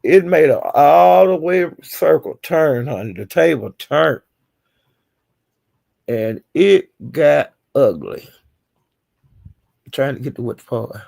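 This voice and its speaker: A woman's voice: deep voice, expressive, takes it slowly, vocal fry, pauses often, mellow. A woman streamer casually retelling online drama, chatty and acting out the quotes with chuckles. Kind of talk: casual gossip storytelling.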